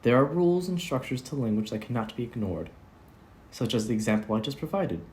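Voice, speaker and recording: A man voicing an old-fashioned male vampire who speaks in a measured, formal, pedantic way. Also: mid-range voice, expressive, a little mellow, a little hiss or hum, natural voice. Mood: lecturing. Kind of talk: amateur audio drama.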